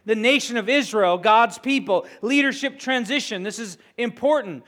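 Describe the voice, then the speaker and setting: A man preaching a sermon, retelling a scripture story with animated, conversational asides. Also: very high voice, normal speed, hardly any pauses. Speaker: pastor. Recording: echoey hall.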